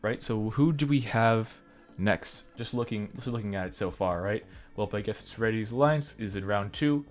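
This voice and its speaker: Low-voiced man calling game action. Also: normal speed, hardly any pauses, faint music behind. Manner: steady, calls the action, runs the bracket. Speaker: esports co-caster. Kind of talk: play-by-play game commentary.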